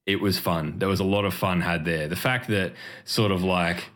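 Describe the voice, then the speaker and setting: Deep-voiced sweary podcast host. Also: male voice, steady tone, moderate pace, a bit bright. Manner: sweary, laughs often. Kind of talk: casual gaming podcast chat.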